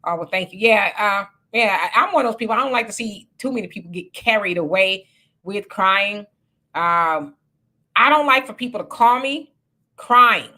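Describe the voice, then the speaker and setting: A woman hosting a casual livestream, reading viewer comments and chatting with animated, laughing asides. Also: mid-range voice, normal speed. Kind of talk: casual live chat.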